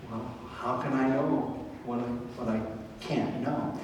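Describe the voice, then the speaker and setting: An older man doing live comic storytelling with a faith message, wry and deadpan, dropping to soft, slow lines for tender moments. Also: mid-range voice, recorded from a distance, a little hiss or hum. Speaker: stand-up storyteller. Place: large reverberant camp hall. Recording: very echoey hall picked up from afar.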